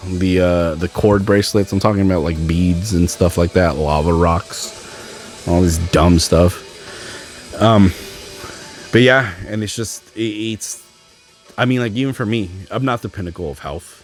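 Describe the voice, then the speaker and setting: This solo podcast rant comes from a young man with a low voice who speaks at a measured pace while soft music plays behind him. Frustrated, he ridicules what others have said.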